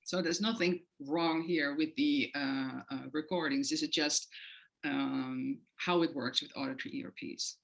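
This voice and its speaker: A woman's voice: sits low, fairly even intonation, measured pace, vocal fry, poor audio. A woman with a non-native English accent giving an academic lecture, explaining her research with frequent hesitant fillers. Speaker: guest lecturer.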